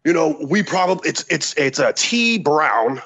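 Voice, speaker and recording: A man, a former Special Forces soldier, telling a story as a podcast guest in a profane, animated way, acting out the dialogue. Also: a little high, normal speed, husky. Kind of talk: casual war-story telling.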